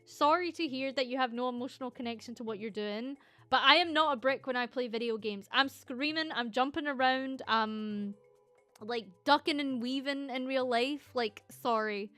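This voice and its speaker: A Scottish woman streamer chatting casually and reading viewer comments, excitable and teasing, swearing freely. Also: fairly high pitch, clean tone, no echo.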